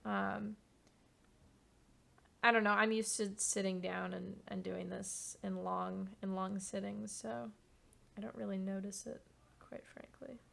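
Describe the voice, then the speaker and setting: A woman's voice: mid-range voice, little pitch movement, measured pace, creaky, long pauses, a bit bright. A young woman streamer chatting casually while she paints, rambling and candid, swearing now and then.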